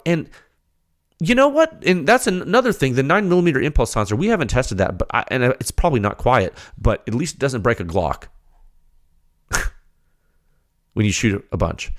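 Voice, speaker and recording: Guy hosting a tech podcast, gets worked up, lots of questions in a row, voice jumps around a lot. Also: mid-range voice. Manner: animated, ranting, rapid rhetorical questions; heated, then settles into explaining data. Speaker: podcast host. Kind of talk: technical podcast talk.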